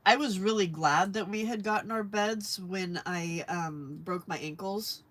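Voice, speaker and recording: Her voice is medium-pitched and fairly bright, and she takes her time. As host of a crafting livestream she chats casually and rambles while she works, laughing a lot and responding to messages from viewers in the live chat.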